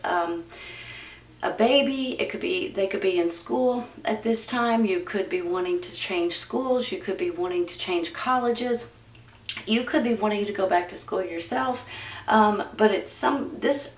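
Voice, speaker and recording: Woman tarot reader, low and gravelly, rambling and reassuring, recorded off-mic in an echoey room. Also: recorded from a distance. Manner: chatty and reassuring, addresses viewers directly; loose and rambling with many "um"s. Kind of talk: casual tarot card reading. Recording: roomy echo, voice from off-mic.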